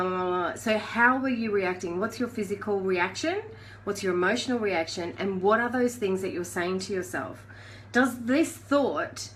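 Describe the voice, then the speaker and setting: A woman's voice: mid-range voice, fairly bright tone, slight background noise, low-quality recording. A woman giving a casual live coaching talk in a chatty, conversational way, asking the listener questions. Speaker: life coach.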